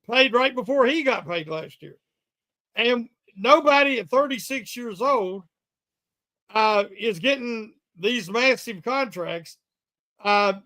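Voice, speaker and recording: A man with an unusually high voice gives his take on a sports podcast. He talks in a measured, halting way, padding his thoughts with fillers. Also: bright, forceful tone. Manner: measured, hesitant, with many fillers. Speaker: podcast co-host. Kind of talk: casual sports debate.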